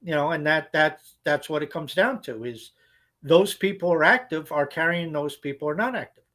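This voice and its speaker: Podcast co-host, male, high voice, blunt profane ranter. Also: lively intonation, moderate pace, a bit bright. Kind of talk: casual podcast chat.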